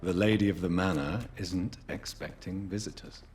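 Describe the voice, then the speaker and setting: An actor playing a brooding male doctor in a video game, speaking in a grave, measured way. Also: low-pitched, soft background music, natural voice.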